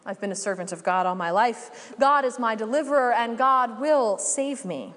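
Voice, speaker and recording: Woman doing insistent devout man, long church reverb, high-ish voice. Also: lively intonation, normal speed, a bit bright. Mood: stubborn. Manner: insistent, repeating his faith. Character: devout stubborn man refusing rescue.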